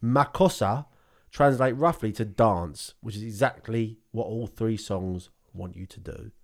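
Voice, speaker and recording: A man's voice: lowish voice, a little slow. A young man co-hosting a podcast, playful and laughing often, now and then belting out songs in a put-on voice. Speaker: podcast co-host. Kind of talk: casual banter.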